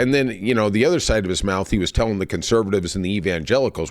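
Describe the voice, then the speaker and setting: A man's voice: lowish voice, fast talker, few pauses. A man hosting a podcast, delivering a heated, profane political rant. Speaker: podcast host. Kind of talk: political commentary monologue.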